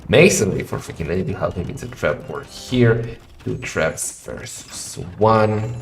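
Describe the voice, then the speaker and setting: A man casting a live strategy game match in a chatty style that rises to excited shouting in fights. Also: on the low side, unhurried. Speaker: game caster. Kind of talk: live esports commentary. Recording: roomy echo with faint music.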